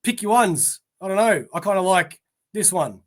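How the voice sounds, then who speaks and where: A man's voice: high-pitched, lively intonation, normal speed. An Australian man hosting a comic pre-order show alone, reading titles like a newscaster and trailing off into mumbled asides. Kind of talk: casual solo list reading.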